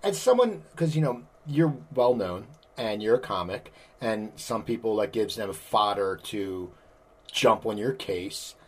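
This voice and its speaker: A man's voice: lowish voice, animated, measured pace. A man hosting a casual interview, asking long rambling questions with lots of fillers. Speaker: podcast host.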